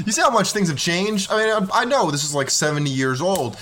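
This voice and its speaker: A man's voice: high-pitched, lively intonation, moderate pace, bright, forceful tone, slight background noise. A young man hosting a reaction video, talking in a laid-back, slangy, joking way. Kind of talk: casual commentary.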